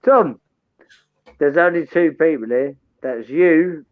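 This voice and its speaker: A British man, a tipsy, sweary live stream co-host, talking loud and ranting in a boozy late-night chat. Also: on the high side, takes it slowly, no room sound, phone-quality sound.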